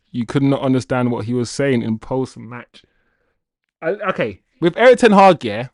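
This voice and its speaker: Hosting a football channel's livestream, this man reads out viewer comments and addresses chat directly in a casual, playful, animated way. His voice sits at medium pitch, and the audio is studio quality with no echo.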